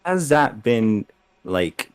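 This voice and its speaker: Low-voiced man as game master. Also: big pitch swings, drawn-out words, no room sound. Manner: loose, filler-heavy narration with many "like"s. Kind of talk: narrating a tabletop game.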